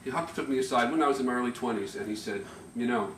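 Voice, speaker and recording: A middle-aged man racing through an informal family-gathering speech sounds a little nervous, his mid-range voice breaking into stops, restarts and soft chuckles as he tells anecdotes. He stands well back from the mic in an indoor party room, so this amateur recording is distant and echoey, with faint ambient hum.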